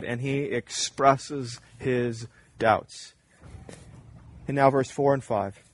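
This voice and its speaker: A man's voice: mid-range voice, normal speed. A man preaching a sermon as pastor, earnest and emphatic, repeating his key points.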